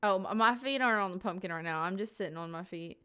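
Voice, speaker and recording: A woman's voice: mid-range voice, quick pace, fairly bright tone, clear, resonant tone. A young woman live streamer chatting casually and playfully with her viewers, giggly and rambling, sitting at home at a desk mic.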